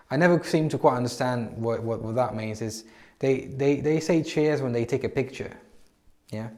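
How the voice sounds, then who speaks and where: A man's voice: mid-range voice, darkish tone. A man teaching English to learners in a casual spoken lesson, talking with frequent restarts and repeated words.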